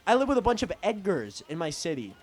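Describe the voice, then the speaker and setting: A man's voice: sits high, wildly swooping pitch, quick pace, faint music behind. A young man telling a story in a casual, profane, rambling rant as a vlogger.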